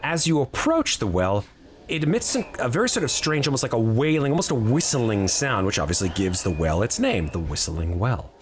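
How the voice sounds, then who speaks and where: A man narrating a tabletop game as game master, describing scenes with lively, hesitant storytelling. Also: medium pitch, a little fast, slight background noise.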